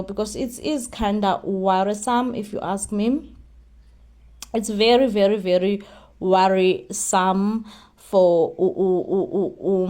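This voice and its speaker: A woman's voice: mid-range voice, a little mellow. Chatty woman recapping a soap. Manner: chatty and rambling, frequent fillers and repeated words. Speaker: soap opera recap vlogger. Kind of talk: casual recap talk to viewers.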